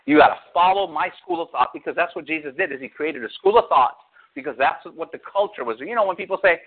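A middle-aged man preaching a sermon as pastor, telling stories with animated, sarcastic asides. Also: sits high, quick pace, vocal fry, slightly rough. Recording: tinny phone-like radio sound.

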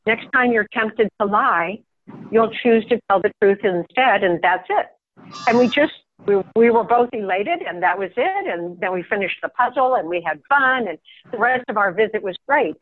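An older woman on a community call tells a personal story in a reflective, soft-spoken way, pausing and restarting her sentences. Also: medium pitch, animated. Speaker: call participant. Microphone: phone. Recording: tinny phone line.

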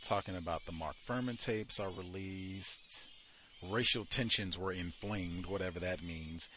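A man's voice: low voice, measured pace, a bit bright, slight background noise. A man hosting a study session, reading passages aloud from a book and breaking off into heated commentary, with frequent fillers while he searches the text.

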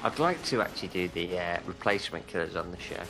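A man co-hosting a casual movie commentary podcast, laid-back and quick to laugh. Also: low-pitched, animated, poor audio. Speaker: podcast co-host.

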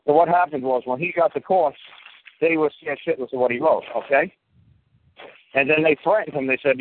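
A man's voice: medium pitch, brisk. A man in his fifties giving advice on a casual phone call, blunt, profane and emphatic. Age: 50s. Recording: tinny phone line with faint hiss.

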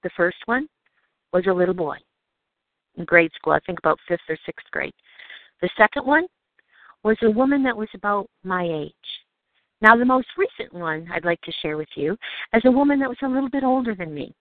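A woman giving an earnest, measured evening sermon, telling personal stories and slowing down to read scripture. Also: mid-range voice, lively intonation, dry recording. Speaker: preacher. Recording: dry, phone-like narrow sound.

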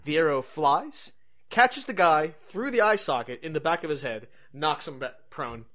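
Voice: medium pitch, lively intonation, moderate pace, fairly bright tone. A tabletop game player narrating their character's arrow shot with playful flourish. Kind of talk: casual tabletop play.

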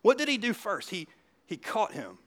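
A man preaching a sermon in a church. He talks in a chatty way, keeps asking the crowd questions, and swings from loud bursts to quiet asides. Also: sits high, huge pitch swings, moderate pace. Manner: conversational preaching with frequent rhetorical questions. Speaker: pastor.

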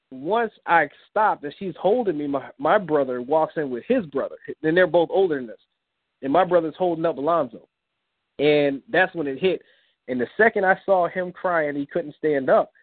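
A man's voice: normal speed, no room sound. Earnest man telling a story over a phone line. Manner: earnest, acts out quoted dialogue with rising pitch. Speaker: guest, comic book creator. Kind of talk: emotional personal storytelling in an interview. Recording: dry phone-line call-in audio.

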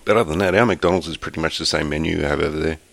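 Deep gravelly Australian man, chatting. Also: racing, fairly bright tone, no room sound. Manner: laid-back, rambling, with frequent ums. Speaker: podcast co-host. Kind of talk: casual chat.

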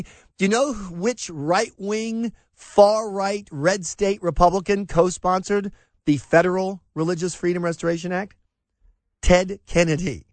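A man's voice: high voice, dry recording. A man hosting a talk radio show, delivering sarcastic, emphatic commentary full of rhetorical questions.

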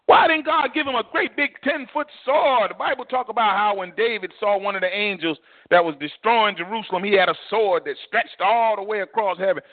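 A male pastor preaching a sermon in an animated, repetitive, vernacular way. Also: high voice, fairly quick, hardly any pauses, dry recording. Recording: tinny phone-like dry recording.

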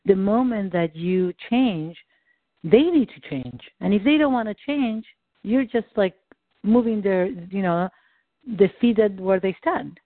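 A woman coach leads a client through guided tapping on a call, offering encouragement and phrases for him to say back. Her medium-pitched voice is lively in intonation and a little slow, with no echo, heard over a tinny, dry line.

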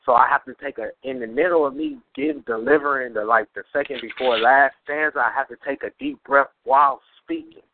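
A man's voice: mid-range voice, huge pitch swings, fairly quick, vocal fry, hardly any pauses. A man who is a guest poet on a radio show, explaining his craft at length in casual talk. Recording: dry, phone-like radio audio.

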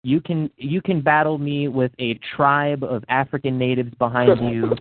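A man's voice: mid-range voice, fairly even intonation, moderate pace, no echo. Taunting man over a tinny line. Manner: taunting, cutting insults. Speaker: battle rapper. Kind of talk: podcast banter.

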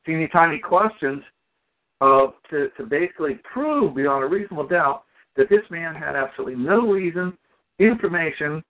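Guy on a call telling courtroom-style stories, voice bounces all over, sounds like a phone line. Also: fairly high pitch. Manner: animated, acts out people in his stories. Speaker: community call speaker. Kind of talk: casual storytelling on a call. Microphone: phone or call audio.

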